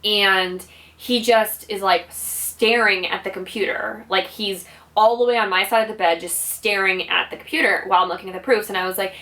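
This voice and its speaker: A woman's voice: mid-range voice, fairly even intonation, moderate pace, few pauses, sharp tone. A woman vlogger telling a personal story in a casual, rambling way, full of "like" and "you know". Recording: voice slightly distant from mic.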